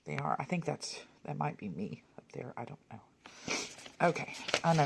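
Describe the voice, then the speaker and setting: A woman's voice: sits low, sing-song, normal speed, vocal fry, background noise. Chatty woman reminiscing. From Texas. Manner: chatty and rambling, with soft muttered asides. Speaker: vlogger. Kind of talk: casual reminiscing over a photo album.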